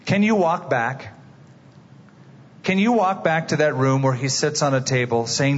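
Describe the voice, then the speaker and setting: A man's voice: on the high side, lively intonation, moderate pace, long pauses. A man preaching a sermon as a dramatic story, asking his listeners direct questions. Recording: dull, reverberant hall.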